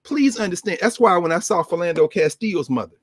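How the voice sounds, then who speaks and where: A man's voice: animated, a little fast, dry recording, clean studio sound. Fiery, preacherly man lecturing. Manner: impassioned, preacherly, big pitch swings. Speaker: regular guest scholar. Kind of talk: animated lecture-style talk.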